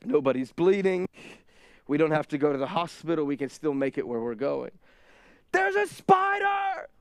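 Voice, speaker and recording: Male pastor, thirties, animated storytelling sermon, dry close recording. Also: fairly high pitch, creaky, no room sound. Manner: animated storyteller, acts out his kids' shrieks.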